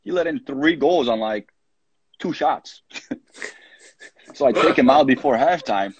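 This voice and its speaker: A man in his thirties from Poland, a college soccer coach, telling lively anecdotes as a podcast guest and acting out his own quoted lines. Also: medium pitch, unhurried, a little hiss or hum, low-quality recording. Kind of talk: casual storytelling interview.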